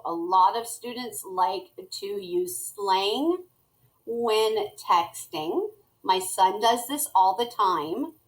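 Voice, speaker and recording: Slow, patient woman teacher. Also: mid-range voice, a bit bright, poor audio. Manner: slow, step-by-step, talks to students as she types. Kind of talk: screen-recorded classroom tutorial.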